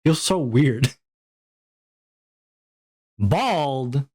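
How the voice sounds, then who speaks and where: Young male streamer, slow and rambling, self-deprecating casual chat. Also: mid-range voice, lively intonation.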